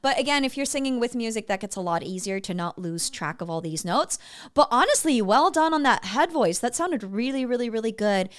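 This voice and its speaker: Female vocal coach, smooth resonant tone, slightly high, chatty feedback with sung examples. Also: lively intonation, fairly quick. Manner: explains in a chatty way and sings short demo phrases. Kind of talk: coaching feedback on singing clips.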